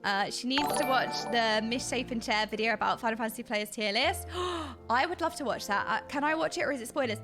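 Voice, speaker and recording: A British woman streaming and chatting casually with her viewers, bubbly and excitable, with a slightly dry throat, talking into a desk mic. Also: on the high side, fairly quick, loud music behind the voice. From Britain. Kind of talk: casual chat with live stream chat.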